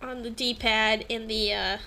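A woman's voice: fairly high pitch, steady tone, slow pace, bright, forceful tone. A young woman co-hosting a casual gaming podcast, upbeat and giggly, full of fillers. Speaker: podcast co-host. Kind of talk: casual chat.

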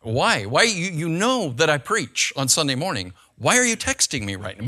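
Bright, lively older preacher. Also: male voice, a little high, moderate pace. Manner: conversational, checks in with the congregation with "okay?" and "right?". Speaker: pastor. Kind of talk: sermon.

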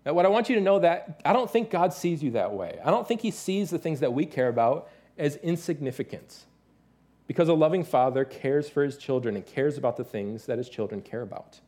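A man in his thirties preaching a sermon as pastor, telling stories with lively, animated delivery and playful imitations. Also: on the high side, brisk. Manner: animated storytelling, mimics his toddler's excited voice.

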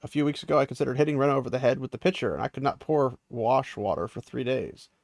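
A man's voice: mid-range voice, fast talker, vocal fry, no echo, lightly acted. A man paraphrasing the lines of a grim, resigned young captive woman, in a voice close to his own.

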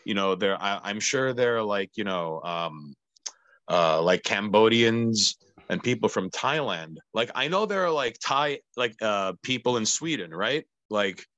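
A man co-hosting a podcast in casual chat, halting and repeating words as he searches for them. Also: fairly low pitch, expressive, a bit bright, no echo, lo-fi sound.

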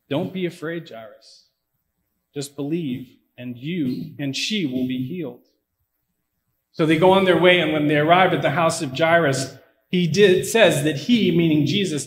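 A man preaching in a conversational, storytelling way, his voice sitting a bit high for a man. He drops in asides and acts out quoted lines. The sound rings around an echoey room. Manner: frequent asides and fillers like "I mean" and "you know". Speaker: pastor. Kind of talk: conversational sermon retelling a Bible story.

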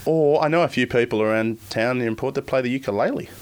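A man's voice: medium pitch, fast talker. A man with an Australian accent, co-hosting a casual podcast, teasing his partner and slipping into silly voices. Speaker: podcast co-host. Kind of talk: casual chat.

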